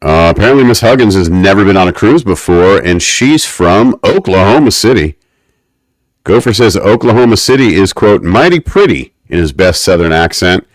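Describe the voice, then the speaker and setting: A man with a very low voice recaps a TV episode on a podcast, slipping into mock-academic rants. The sound is dry and close, with no room around it. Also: animated, normal speed, no room sound. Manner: wry, mock-academic ranting. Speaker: podcast co-host. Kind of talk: casual podcast recap chat.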